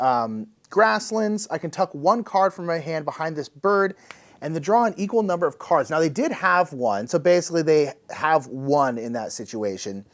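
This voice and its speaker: A man casually talking through a solo board game, thinking aloud as he explains the rules, upbeat and playful. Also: a little high. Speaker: board game channel host.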